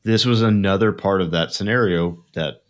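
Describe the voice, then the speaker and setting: A man with a deep, low voice makes an opinionated point in casual podcast chat. He is explaining something he said earlier. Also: normal speed. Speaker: podcast co-host.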